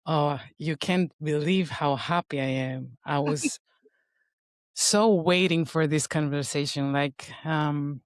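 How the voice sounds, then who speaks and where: A woman's voice: low-pitched, a little slow, no echo, studio quality. A woman hosting a podcast interview, speaking eagerly and openly with emotion. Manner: warm-hearted, emotional, eager. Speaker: podcast host.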